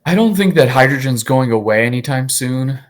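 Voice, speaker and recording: Animated, candid male attorney. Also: mid-range voice, fairly quick. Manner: candid, animated storyteller with many fillers. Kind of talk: interview guest.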